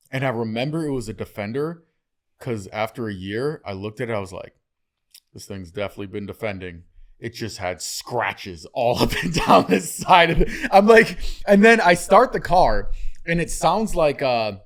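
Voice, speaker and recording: A man's voice: mid-range voice, normal speed. A man hosting a podcast, telling funny dating stories in casual chat, swearing and acting out other people's voices. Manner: animated, jokey, swears, acts out quoted voices. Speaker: podcast host.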